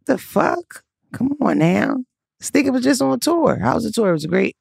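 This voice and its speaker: Gravelly, blunt woman comedian. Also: fairly high pitch, very animated, normal speed, darkish tone, no echo, clean studio sound. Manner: blunt, profane, storytelling. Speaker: comedian guest. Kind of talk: casual chat.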